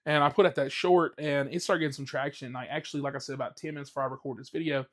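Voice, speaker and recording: A man's voice: mid-range voice, steady tone, rapid-fire. A man hosting his own podcast, talking casually in a blunt, profane, ranting way with lots of fillers. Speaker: podcast host. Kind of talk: casual solo podcast rant.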